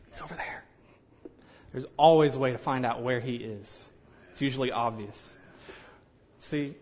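A man preaching a sermon in a conversational way, with joking asides and frequent "you know". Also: medium pitch.

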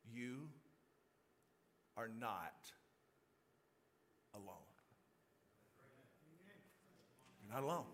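A man preaching a sermon to a church congregation, telling a story with lots of repeated words and acted-out shouts. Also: mid-range voice, a little hiss or hum. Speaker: pastor. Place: church auditorium.

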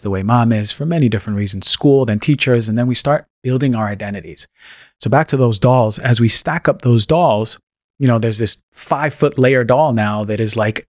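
A man's voice: mid-range voice, dry recording. Emphatic man in a dry studio. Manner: emphatic, acts out quoted voices. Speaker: podcast guest, health practitioner. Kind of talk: impassioned casual talk.

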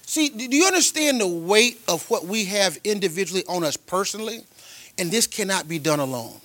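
A man preaching a sermon as a pastor, telling personal stories in a colloquial way, with delivery that swings from loud and emphatic to quiet and tender. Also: sits high, lively intonation, brisk, dry recording. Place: church.

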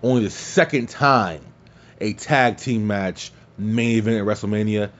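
A man hosting a podcast, recapping wrestling in casual, excitable talk, swearing freely and laughing at his own slips. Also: fairly low pitch, a little slow, muffled recording. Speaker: podcast host.

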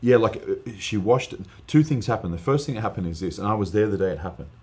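A man, a guest preacher, telling an earnest, animated testimony story in casual podcast chat, with lots of fillers. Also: fairly low pitch, quick pace.

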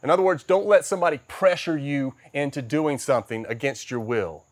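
A middle-aged man preaching a sermon as a pastor, emphatic, swinging between loud stresses and soft, quiet passages. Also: on the high side, a little fast, no echo.

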